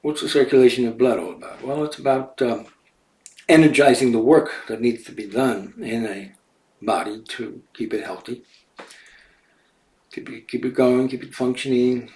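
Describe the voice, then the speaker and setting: A man's voice: mid-range voice, steady tone, normal speed, darkish tone, echoey room, distant mic, rough recording. A man hosting a casual monologue, meandering and often correcting himself. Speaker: host. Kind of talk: casual talk to camera.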